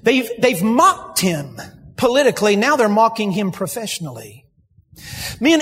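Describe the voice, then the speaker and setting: A man preaching a sermon, building to shouted emphasis. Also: sits high. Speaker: pastor. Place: church sanctuary. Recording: long hall reverb, husky.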